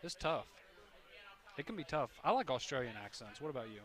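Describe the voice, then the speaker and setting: A man hosting a radio talk show, relaxed and agreeable. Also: mid-range voice, a little fast. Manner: relaxed, agreeable, reads promos. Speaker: radio host. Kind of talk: casual sports radio chat.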